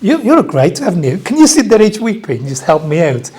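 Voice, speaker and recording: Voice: mid-range voice, very animated, fairly quick, warm tone, husky. An Australian preacher giving an Easter sermon in a church, conversational, repeating key phrases and joking with the congregation.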